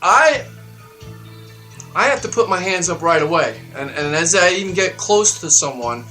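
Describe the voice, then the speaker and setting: A man's voice: expressive, normal speed, bright, forceful tone. Guy ranting on a radio show, swears a lot, voice climbs when he gets worked up, some faint music behind. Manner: heated, profane, emphatic ranting that climbs in pitch and volume. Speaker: radio show segment contributor. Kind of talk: ranting talk-radio monologue. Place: radio studio.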